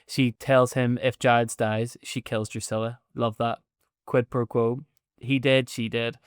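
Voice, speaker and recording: A man in his thirties co-hosting a podcast, telling sarcastic stories and swearing freely. His voice is smooth and clear, mid-pitched, and the recording is close and dry. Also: little pitch movement, a little slow, no room sound. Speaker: podcast co-host. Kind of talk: casual chat.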